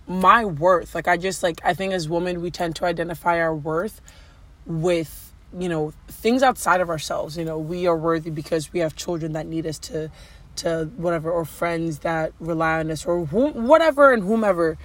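A woman's voice: on the low side, normal speed. A woman co-hosting a casual couple's podcast, talking in a loose, rambling way full of "like." She teases her partner playfully and keeps drifting back to her point. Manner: chatty, teasing, rambling with many likes. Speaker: podcast co-host.

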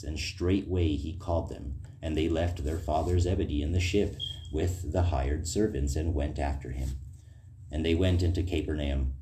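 A man's voice: very deep voice, warm tone, roomy sound, slight background noise. A man giving a rambling, earnest informal sermon, then reading scripture aloud. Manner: rambling, earnest, fillers and tag questions. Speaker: preacher.

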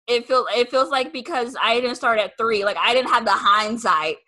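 A young woman hosts a casual podcast chat in a bright, clear voice. She talks in loose, rambling sentences full of "like," and slips into quoted replies as she tells her stories. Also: fairly high pitch, normal speed. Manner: chatty, lots of "like" fillers, acts out quoted replies. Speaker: podcast host.

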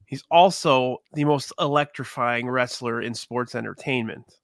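A man's voice: medium pitch, unhurried, creaky, a bit bright, no echo, studio quality. A man in casual podcast chat, rambling and swearing with enthusiasm. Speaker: podcast panelist.

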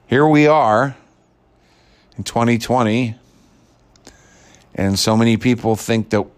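A man's voice: fairly low pitch, smooth. A man delivering a blunt, sarcastic, profane ranting monologue as a commentator.

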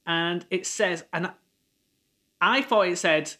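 A man with a high-pitched, bright, forceful voice speaks slowly as co-host of a casual music podcast. He's chatty and rambling in casual conversation, laughing often.

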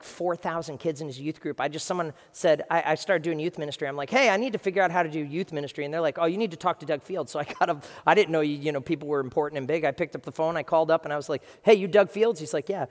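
Man preaching in an echoing hall. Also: a little high. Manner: lively, conversational preaching with quick asides to the congregation. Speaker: pastor. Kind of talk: sermon. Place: large church hall with a congregation. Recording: long reverb of a large hall.

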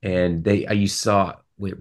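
Low-voiced rambling man discussing films. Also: steady tone, unhurried. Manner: rambling, restarts often. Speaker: podcast co-host. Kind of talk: casual film discussion.

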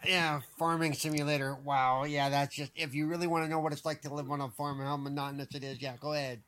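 A man with a slightly high voice who chats casually on a gaming podcast. His remarks are wry and sarcastic. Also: level tone, fast talker, fairly bright tone. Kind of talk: casual chat.

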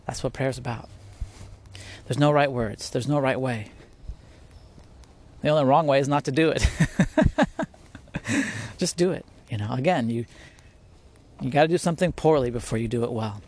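A man talks through a podcast in a loose, unscripted way, circling back on his words and breaking into laughter. His voice sits at an ordinary middle pitch, and he sounds earnest and easygoing. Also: normal speed, pauses often, darkish tone. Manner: earnest, rambling, laughs often. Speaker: podcast host. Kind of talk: casual spiritual talk. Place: at home, near spiders.

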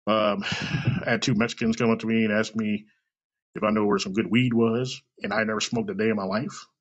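A man's voice: on the low side, little pitch movement, brisk. A man hosting a solo podcast, rambling and swearing freely with self-mocking asides. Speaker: podcast host. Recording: dull lo-fi recording.

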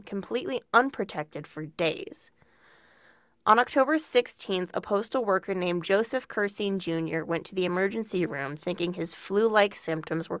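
A woman's voice: on the low side, fairly bright tone, no room sound, clean studio sound. A woman co-hosting a podcast, reading prepared true crime narration with casual asides. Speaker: podcast co-host.

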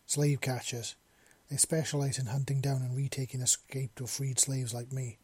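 A man voicing a desperate young runaway in his early twenties, talking fast and urgently. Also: medium pitch, flat delivery, a little mellow, slightly rough, close to an everyday voice. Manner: frantic, pleading.

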